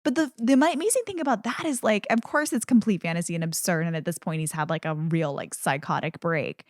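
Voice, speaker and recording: A woman co-hosting a casual film discussion podcast, animated and quick to act out scenes in playful voices. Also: lowish voice, no echo, studio quality. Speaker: podcast co-host.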